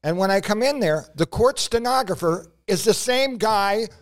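A man with a fairly high voice spins loose, rambling stories on a casual podcast. He stops and restarts often, and his talk is full of fillers. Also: lively intonation, moderate pace. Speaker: podcast co-host, prop comic. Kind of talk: casual storytelling chat.

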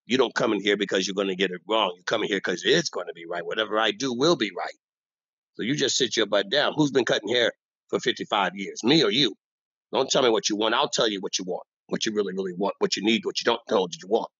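An actor playing an older, bossy, old-school barbershop owner who rambles and boasts in street talk, delivered as a comic monologue. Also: male voice, lowish voice, fast, fairly bright tone, breathy edge, no echo. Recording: dull dry lo-fi recording.

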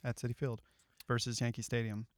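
A man solving a crossword with friends in casual chat, offhand with quick guesses. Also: mid-range voice, flat delivery, no room sound, studio quality. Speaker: crossword solver.

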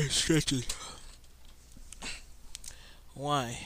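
A young man reacting live to a football game he is watching, muttering and exasperated, with sudden loud outbursts. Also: medium pitch, slow pace. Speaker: sports fan watching a game.

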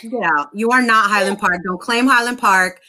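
A woman from the Los Angeles area in casual chat, slangy and joking, often dropping low for muttered asides. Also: moderate pace, pushed and bright.

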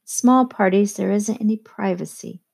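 A woman's voice: medium pitch, normal speed, vocal fry, a little mellow. A woman voicing a cool, urbane young woman. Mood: offhand. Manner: urbane, offhand.

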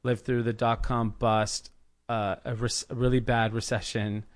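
A man in his thirties from the Los Angeles area, a podcast guest telling his business story in a casual, animated way, acting out the people he quotes. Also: mid-range voice, a little slow. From United States, Los Angeles area. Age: 30s. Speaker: podcast guest, clothing brand founder.

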